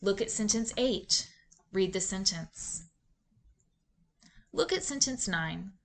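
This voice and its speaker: A woman narrating a reading lesson in a clear, measured teacher's voice, posing questions to students. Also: medium pitch, animated. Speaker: reading instructor. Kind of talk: scripted instructional narration.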